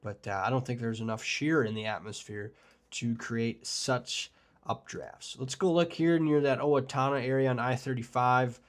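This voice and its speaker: A man runs a live weather stream at a medium pitch, talking loosely and chatting with his viewers. He rambles through his points with plenty of fillers. He gets openly excited about big storm setups. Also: normal speed. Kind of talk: live forecast discussion with chat.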